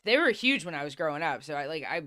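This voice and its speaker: A woman co-hosting a casual chat, animated and quick to laugh. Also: deep voice, no room sound, clean studio sound. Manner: chatty, animated, laughs loudly. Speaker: co-host.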